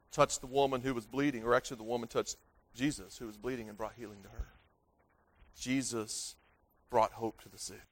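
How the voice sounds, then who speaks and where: A middle-aged man delivers a sermon in a high voice. He stumbles and repeats words as he goes, building to loud emphatic peaks and letting phrases sink low at their ends. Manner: halting, repeats words often. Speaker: pastor.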